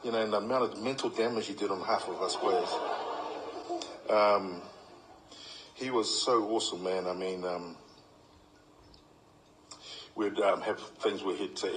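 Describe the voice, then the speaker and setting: Deep kiwi guy in his middle years doing a eulogy, jokey and heartfelt, bit of background hiss. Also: fairly even intonation, moderate pace, pauses often, low-quality recording. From New Zealand. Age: middle-aged. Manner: heartfelt, humorous storytelling with acted quotes. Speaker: eulogy speaker. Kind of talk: funeral eulogy.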